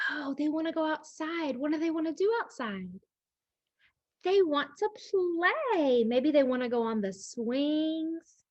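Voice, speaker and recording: Woman librarian, children's storytime, high voice, dry dull lo-fi sound. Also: no echo. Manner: slow, animated, child-directed with questions to listeners.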